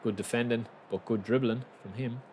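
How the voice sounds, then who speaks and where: Excitable man streaming a game. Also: medium pitch, moderate pace, husky. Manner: excitable, chatty, bursts into shouts at big plays. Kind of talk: live gameplay commentary.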